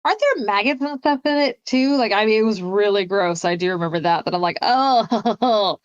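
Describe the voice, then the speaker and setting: A woman co-hosting a casual film discussion, animated and acting out the characters' lines as she retells scenes. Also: quick pace, smooth, highs cut off. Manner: animated, acts out quotes in a higher voice. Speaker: podcast co-host.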